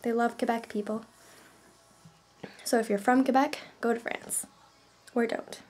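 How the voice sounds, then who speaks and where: A woman's voice: on the high side, fairly even intonation, measured pace, a little mellow. A woman from Canada, chatting casually in a vlog, rambling with lots of fillers. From Canada, New Brunswick. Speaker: vlogger.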